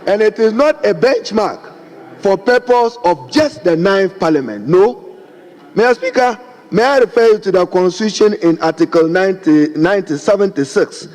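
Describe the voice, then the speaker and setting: A man's voice: high voice, expressive, moderate pace, a little mellow. Emphatic Ghanaian man addressing parliament. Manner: emphatic, formal, keeps addressing the Speaker. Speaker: member of parliament. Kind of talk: parliamentary debate speech. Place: large parliament chamber. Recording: long chamber reverb, faint background noise.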